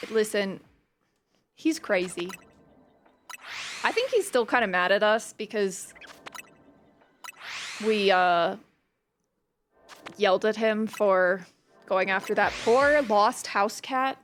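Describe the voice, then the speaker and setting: A woman's voice: medium pitch, slow pace, pauses often, a bit bright, faint music behind. A woman hosting a casual gaming video, chatty and playful as she talks through her play and tells stories about her cat. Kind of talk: casual gameplay commentary.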